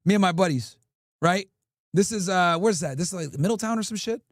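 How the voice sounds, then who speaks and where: A man in his thirties from Connecticut, telling crude stories to his livestream chat in a lively, laughing way. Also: sits high, brisk, dry recording, studio quality. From Connecticut, USA. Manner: animated, crude, laughing storyteller. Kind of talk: casual storytelling to chat.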